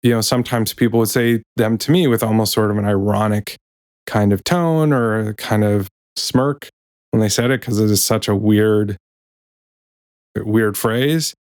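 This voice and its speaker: Wry, rambling lower-voiced man. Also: measured pace, a little mellow, dry recording, clean studio sound. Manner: rambling, self-correcting, wry about jargon. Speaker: podcast host and author reading his book. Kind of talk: casual reflective talk, then reading aloud.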